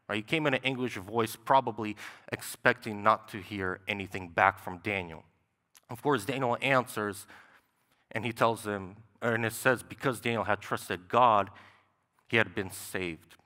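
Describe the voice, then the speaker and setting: A young man delivers a sermon in a church sanctuary, keeping it conversational and checking in with "right?" as he goes. His voice sits fairly low but comes across bright and forceful. Long reverb from the hall trails after every phrase. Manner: conversational, with frequent "right?" asides. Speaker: preacher.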